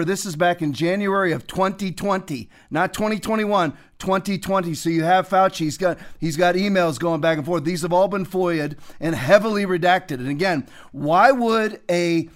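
A man commenting casually on a clip, asking rhetorical questions with frequent restarts. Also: high-pitched.

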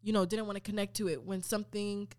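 A young woman in her twenties, a podcast guest talking about faith in a lively, repetitive, emphatic way. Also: medium pitch, quick pace. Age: 20s. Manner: animated, repeats phrases for emphasis. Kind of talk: casual faith talk.

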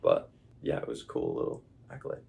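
A young man with an Australian accent chatting casually as a podcast guest, relaxed and rambling with plenty of fillers. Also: a little fast. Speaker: guest, baseball player. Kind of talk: casual interview chat. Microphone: podcast microphone.

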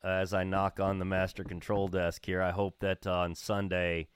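A man hosting a podcast from a radio studio, speaking in measured, polished broadcaster phrasing. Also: low voice, completely flat delivery, smooth, dry recording. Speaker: podcast host. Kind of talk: casual chat.

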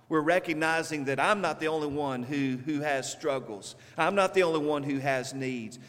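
A man with a Southern US accent preaches from the pulpit in a slow, deliberate cadence, leaning on pauses for emphasis. His voice sits a little high for a man. The sound rings out with the long reverb of a church hall. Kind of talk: sermon. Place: church sanctuary.

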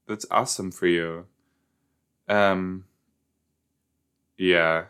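A man hosting a casual reaction show about a TV episode, excitable and joking, with sudden jumps into high squeals. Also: extremely slow, long pauses, smooth.

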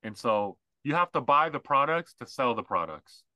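Bright-voiced man ranting on a podcast. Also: mid-range voice, sing-song, normal speed, dry recording, rough recording. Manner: rambling, mocking, mimics others in put-on voices. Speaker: podcast co-host. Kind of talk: casual podcast chat.

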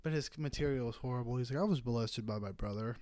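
Talking fast with a warm, medium-pitched tone, this young male comedian from the Bay Area spins a rambling, profane story as a podcast co-host. The close podcast mic picks up no room sound.

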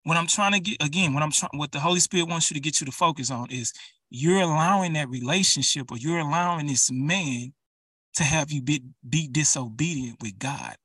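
A man's voice: fairly high pitch, brisk, sharp tone, husky, dry recording, distant mic. A man preaching an urgent, emphatic sermon, speaking straight to his listeners.

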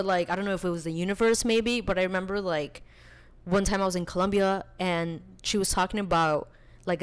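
A young woman with a slightly low voice tells a personal story in a loose, chatty way. She fills her sentences with casual fillers and keeps the telling animated. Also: smooth. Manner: chatty, animated, full of filler likes, laughs while telling. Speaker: podcast guest.

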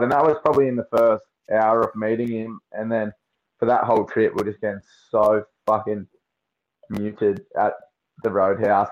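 A man's voice: lowish voice, muffled recording. A young Australian man chatting as a podcast guest, swearing freely and telling slangy stories. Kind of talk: casual chat.

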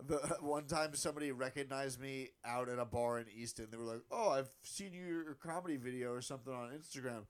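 A man hosting a podcast, trading crude jokes and quick profane jabs in casual banter. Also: medium pitch. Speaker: podcast host.

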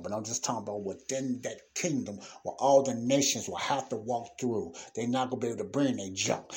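Husky preacher man explaining scripture. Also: on the low side, a little mellow. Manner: reads scripture aloud, then explains in everyday speech; emphatic bursts and sudden exclamations. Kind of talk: informal Bible teaching.

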